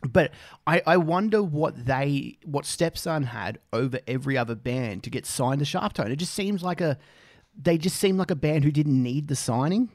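A man's voice: on the high side, expressive, normal speed, dry recording, clean studio sound. An Australian man hosting a casual music reaction, rambling, swearing freely and joking at his own expense. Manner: rambling, swears freely, self-deprecating jokes.

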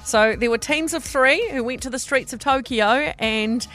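A woman in her forties with a New Zealand accent, hosting a radio show and telling odd news stories in a lively way. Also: sits high, moderate pace, faint music behind. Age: 40s. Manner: lively, animated storyteller. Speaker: radio host. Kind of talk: breakfast radio chat and news reading.

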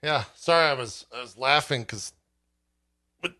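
A man hosting a casual podcast chat about video games, relaxed and laughing often. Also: lowish voice, a little slow. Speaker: podcast host.

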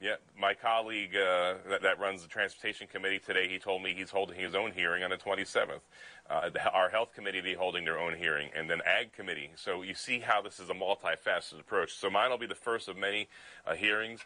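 A man's voice: low voice, steady tone, quick pace, pushed and bright, no room sound, rough recording. A man from Pennsylvania, a state legislator in a remote news interview, talking in a fired-up, indignant way with many restarts.

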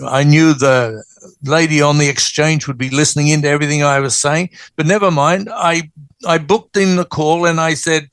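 An older Australian man, a guest, telling stories in a folksy, animated way. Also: on the high side, no echo. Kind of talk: storytelling interview. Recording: dry close studio sound.

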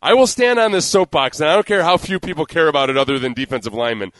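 A man's voice: on the high side, fast, dry recording. A man co-hosting a sports radio show, a former defensive lineman who rants with emphatic outbursts in casual banter. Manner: animated, ranting with emphatic outbursts. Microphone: studio microphone.

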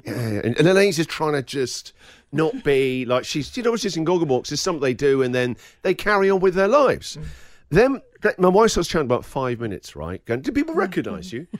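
A man's voice: fairly high pitch, fairly quick, no room sound, studio quality. A man hosting a radio breakfast show, telling a story in casual chat and acting out the people in it. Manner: animated, laughing storyteller acting out quotes.

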